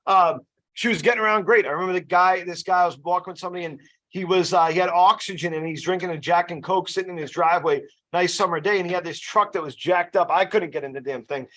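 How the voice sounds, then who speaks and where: A man's voice: sits high, quick pace, fairly bright tone. A man running a casual sales training session, chatty and loose, often checking in with "you know" and "right?". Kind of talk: casual team training talk.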